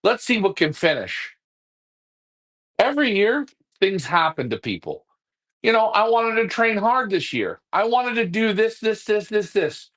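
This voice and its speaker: High-voiced man ranting bluntly. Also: big pitch swings, measured pace, a bit bright. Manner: fired-up ranting, blunt and repetitive. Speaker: pigeon racing club co-host. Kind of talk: live-stream chat.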